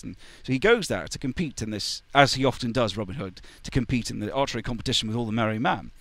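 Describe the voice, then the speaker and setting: A man's voice: mid-range voice, lively intonation, fast, hardly any pauses, a bit bright, no room sound. Young male presenter, casual lecture voice, conversational asides, dry close mic. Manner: chatty, restarts and asides while retelling. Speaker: YouTube presenter on medieval ballads.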